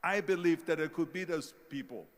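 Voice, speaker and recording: An older man with a thick Austrian German accent delivers a motivational speech, telling stories with punchy emphasis. His voice sits a bit high for a man. The sound carries the long reverb of a large hall. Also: a little fast. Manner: storytelling, punchy and emphatic, mimics the doubters. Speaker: motivational speaker.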